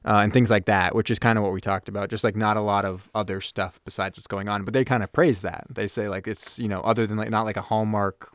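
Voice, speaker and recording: A man with a fairly low voice talks through a film in loose, rambling podcast chat. He trips over his words and restarts sentences as he goes. The sound is close and dry, with no room in it. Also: fairly even intonation, fast, hardly any pauses, no echo. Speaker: podcast co-host. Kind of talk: casual movie review chat.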